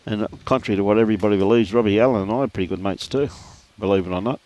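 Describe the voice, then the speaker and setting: Chatty Australian bowls commentator, low voice. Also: male voice, steady tone, rapid-fire, a little mellow, highs cut off. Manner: chatty, laughs often, greets viewers by name. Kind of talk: live sports commentary and casual chat. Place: outdoor bowls green.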